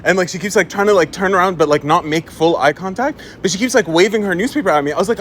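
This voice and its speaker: Young man, casual storytime, fast and lively, high voice, faint background noise. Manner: animated, laughs often, mimics people.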